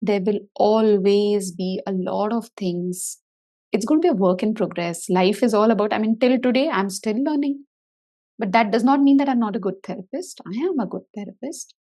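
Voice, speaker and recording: A middle-aged woman therapist giving a motivational talk to parents, expressive and animated, acting out her inner voice with big swings. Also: mid-range voice, normal speed. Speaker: therapist for autistic children.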